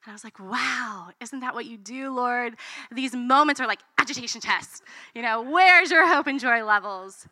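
A woman in her thirties, a mother preaching a sermon, telling lively stories and acting out what people said. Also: fairly high pitch, normal speed, dry recording. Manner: animated storytelling, acts out quotes.

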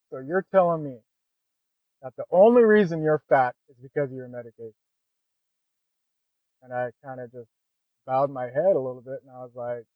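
A man's voice: medium pitch, dry recording. Earnest man on a tinny line. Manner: earnest and candid, says "man" and "you know" often. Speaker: podcast guest. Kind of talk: conversational storytelling. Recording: dry, phone-like narrow sound.

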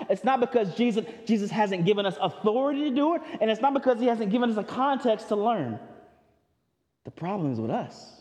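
High-voiced preacher in an echoing hall. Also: male voice. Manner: animated, rising high when acting out voices, dropping low and slow for emphasis. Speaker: pastor. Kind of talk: sermon.

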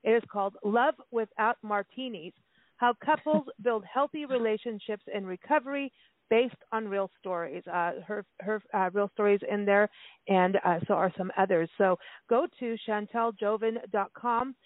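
A woman's voice: medium pitch, moderate pace, no echo. A chatty woman hosting a radio interview, rambling and laughing easily as she talks. Her voice comes through a tinny phone line, and the sound is dry. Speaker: radio show co-host. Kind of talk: casual interview chat.

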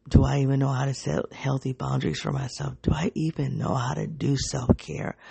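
A woman hosting her own podcast, speaking in an introspective, halting, emotionally raw personal reflection. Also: low voice, vocal fry, darkish tone, slightly rough, no room sound. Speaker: podcast host.

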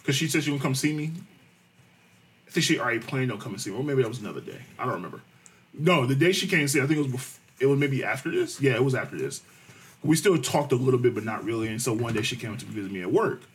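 Husky man telling a profane story. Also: medium pitch, fast talker. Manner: profane, animated retelling with quoted voices. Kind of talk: casual storytelling chat.

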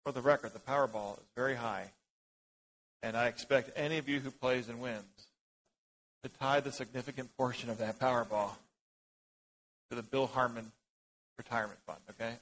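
A man's voice: mid-range voice, brisk, pauses often, a bit bright, rough recording. A man teaching a Bible class in a casual way, joking, thinking aloud and calling on people in the group.

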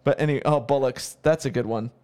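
Chatty American man telling anecdotes. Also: medium pitch. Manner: chatty, tells anecdotes with quick asides. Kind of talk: casual chat.

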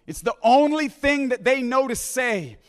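A man preaching a conference sermon, repeating phrases and asking "right?", dropping to a hush when he quotes scripture. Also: very high-pitched, expressive, measured pace. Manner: repeats phrases, restarts, "right?" asides, drops to hushed quoting. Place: large conference hall. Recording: reverberant hall.

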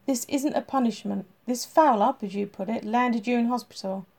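A woman plays a blunt, gruff male police chief giving firm orders. His talk is commanding, with a gravelly, mellow tone. It comes as an audiobook reading. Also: fairly high pitch, normal speed.

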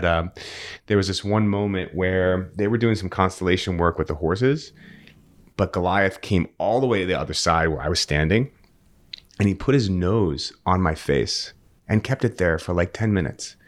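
A man as a podcast guest, telling an earnest, animated story in casual conversation and often repeating words as he restarts a thought. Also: low voice.

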